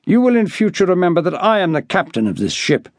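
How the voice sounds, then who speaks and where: A brooding, hard-edged ship's captain, as a man plays him, giving orders in a tight, clipped voice. He pitches his lines up high, and the sound is close and dry. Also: very animated, fast, no room sound, exaggerated voice. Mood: commanding. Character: brooding, harsh ship's captain, commanding and cold.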